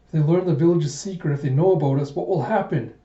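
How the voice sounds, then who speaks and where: A man reading a fearful, troubled young male dragon boy from a manga, quiet and slightly higher. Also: fast talker, roomy sound, dull audio, natural voice. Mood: anxious.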